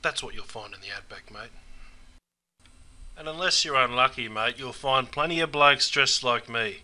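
A man's voice: mid-range voice, moderate pace, pushed and bright. An Australian man hosting a comic explainer sketch, packed with slang and calling everyone "mate". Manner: broad slang, says "mate" constantly. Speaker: host.

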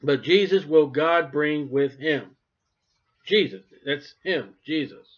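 A man preaching a sermon with emphasis, swinging between loud declarations and quiet asides. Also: on the high side, animated, unhurried. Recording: dull lo-fi recording.

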